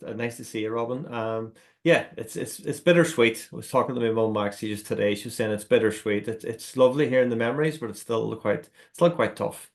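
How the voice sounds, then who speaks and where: A man speaking as a guest on a TV show, answering with halting repeats as he remembers. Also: mid-range voice. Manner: halting, repeats words, warm reminiscing. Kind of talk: interview answers.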